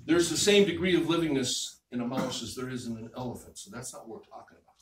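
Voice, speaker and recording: A male minister giving a sermon in a relaxed, conversational way, repeating phrases and checking in with the congregation. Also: medium pitch, fast talker. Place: church hall. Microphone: distant room mic. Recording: echoey hall, distant mic, faint noise.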